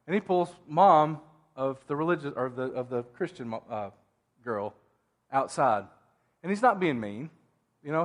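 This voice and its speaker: Male pastor, mid-range voice, conversational sermon delivery in a church. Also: mid-range voice. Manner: conversational preaching with asides and restarts.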